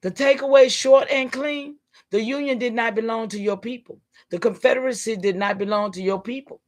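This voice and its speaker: A woman, hosting a livestream and preaching emphatically to her viewers in call-and-response style, sometimes breaking into shouts. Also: fairly high pitch, fairly quick. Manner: emphatic, repeatedly rallying listeners with "come on, y'all". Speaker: livestream host.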